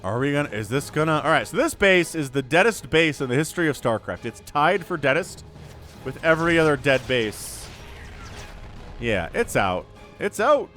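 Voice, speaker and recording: A man calls a strategy game match on his own, in an excitable play-by-play with jokey asides. His voice sits a touch high and swings up and down constantly. Faint music runs underneath. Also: moderate pace. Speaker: esports shoutcaster. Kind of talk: solo game commentary.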